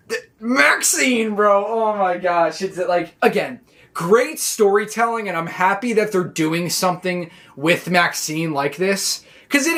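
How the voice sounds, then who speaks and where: Excitable higher-pitched man recapping. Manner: excitable, rambling with many "like"s and restarts. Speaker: wrestling reaction vlogger. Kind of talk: casual show recap.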